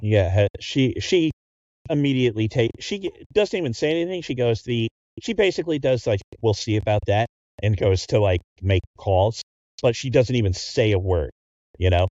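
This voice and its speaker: A man runs a tabletop game, narrating in halting bursts with plenty of restarts. His voice is dark and mellow. It is heard over dull, lo-fi online call audio. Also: mid-range voice, expressive, no echo. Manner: halting, full of restarts and fillers. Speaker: game master.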